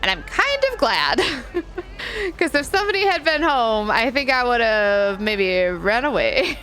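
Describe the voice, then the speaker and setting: A woman's voice: a little high, big pitch swings, normal speed, hardly any pauses, pushed and bright. A woman live-streaming a video game in casual chat, reading and answering her viewers and giggling often.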